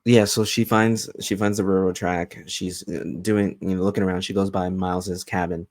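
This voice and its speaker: A man co-hosting a casual TV recap podcast, retelling scenes in a relaxed way with fillers. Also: sits low, moderate pace, no echo. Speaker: podcast co-host.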